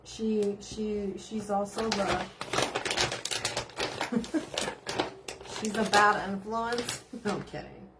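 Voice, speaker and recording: A woman's voice: mid-range voice, very slow, long pauses, very noisy. A middle-aged woman, chatting casually on a live stream and reading out viewer comments, bubbly and giggly. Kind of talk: casual chat.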